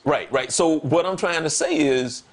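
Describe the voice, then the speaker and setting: A man's voice: on the high side, measured pace. A man talking as a guest on a talk show, in casual conversation, telling stories emphatically with repetition, his voice jumping up whenever he quotes himself. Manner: animated, voice jumps up when quoting himself.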